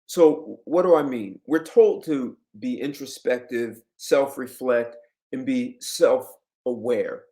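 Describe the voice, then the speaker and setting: A man giving relationship advice to camera in an emphatic, lecturing way, jumping up in pitch on key words. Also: takes it slowly, dark tone. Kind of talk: direct-to-camera commentary.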